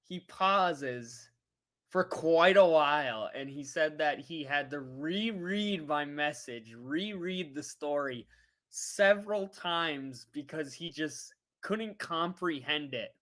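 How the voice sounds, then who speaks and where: A woman vlogger telling a travel story in a casual livestream, animated and laughing as she talks to her viewers. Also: low voice, takes it slowly.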